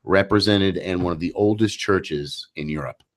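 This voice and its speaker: Deep-voiced male radio talk show host. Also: normal speed. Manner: chatty, storytelling, acts out voices in anecdotes.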